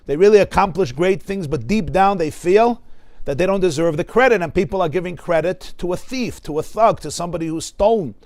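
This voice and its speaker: A rabbi with a New York accent teaches a class in a high, lifted voice. He leans hard on key words and doubles them for stress. The sound is close and dry, with no room echo. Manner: emphatic, repeats words for stress, quotes Hebrew texts. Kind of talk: Torah class. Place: study hall class.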